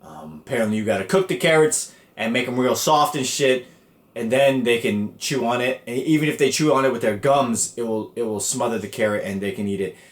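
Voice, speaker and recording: A man's voice: mid-range voice, a little fast. A man hosting a podcast, telling a story in casual, profane slang and acting out the people in it with a raised voice. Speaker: podcast host. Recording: echoey room.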